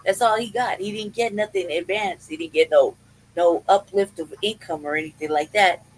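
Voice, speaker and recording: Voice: mid-range voice, normal speed, low-quality recording. Podcast host ranting, swears a ton, keeps laughing, regular mid voice. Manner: profane, laughing rant that questions itself. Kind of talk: casual chat.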